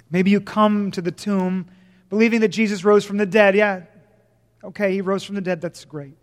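A male pastor delivers a sermon in a fairly high voice that rings through a big church sanctuary with a long reverb tail. He presses key lines loudly, then drops to a hushed, slowed delivery for weight. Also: fairly even intonation. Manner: dramatic swings between loud emphasis and hushed, slow lines.

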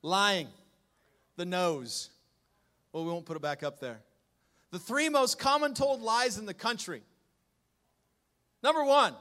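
Male pastor, sermon delivery, high-pitched, teasing humor with emphatic outbursts. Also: animated, unhurried, pauses often. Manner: joking, swings from low asides to loud emphatic lines.

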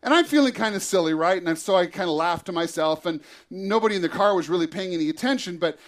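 A man, a pastor, telling a lively personal story in a church sermon and acting out the scene. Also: sits high, fast talker.

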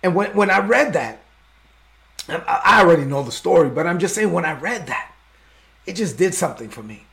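A man's voice: high-pitched, big pitch swings, normal speed, creaky, fairly bright tone. A man preaching a sermon as pastor, fervent and openly emotional.

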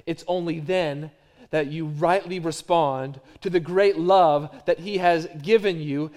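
A middle-aged man with a high-pitched voice preaches a sermon. His delivery moves between quiet, dropped phrases and louder emphatic runs of repetition. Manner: varies from hushed to loud, repetitive emphatic phrasing. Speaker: pastor.

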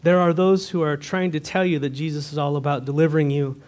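A man's voice: a little high, level tone, fast talker, a little mellow. A man preaching a sermon to his church, earnest and direct, asking the congregation rhetorical questions. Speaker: pastor.

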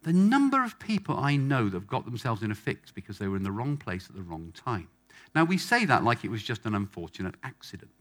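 Guy preaching to a packed room, bright punchy voice, keeps repeating himself for effect. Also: mid-range voice, big pitch swings, fairly quick. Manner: emphatic, repeats phrases for effect. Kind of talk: sermon. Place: church hall with a live congregation.

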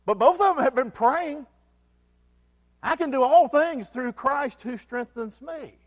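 A man's voice: very high-pitched, a little slow. A man preaching a sermon as pastor, asking the congregation questions and repeating key phrases for emphasis. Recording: long hall reverb.

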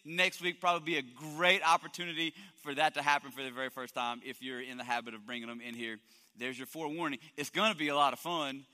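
A male pastor preaching a lively sermon, joking and quizzing his congregation in a church hall. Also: medium pitch, fast. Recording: long hall reverb.

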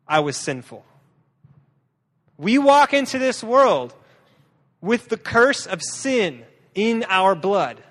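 A man with a high, bright-pitched voice preaches a sermon as a guest speaker. He talks in a lively, joking way and often stumbles and restarts his sentences. His voice rings out with the long reverb of a large hall. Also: takes it slowly, pauses often. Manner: lively, humorous, with frequent restarts.

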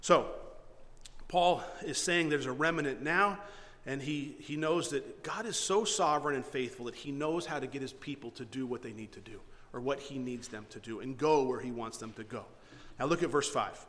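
A man preaching a sermon, retelling a story with animated energy and frequent restarts. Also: medium pitch, normal speed. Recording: long hall reverb.

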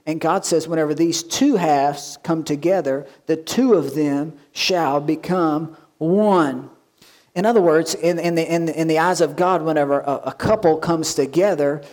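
High-voiced pastor preaching. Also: male voice, darkish tone. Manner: reads scripture aloud and slows for emphasis; folksy, asks the congregation questions. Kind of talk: sermon.

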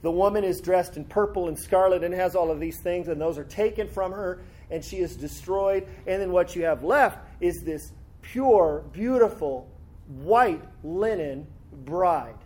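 A high-pitched, darkish male voice moves at a measured pace through a sermon. The man reads scripture aloud with increasing fervor and explains it conversationally, frequently slipping in tag questions.

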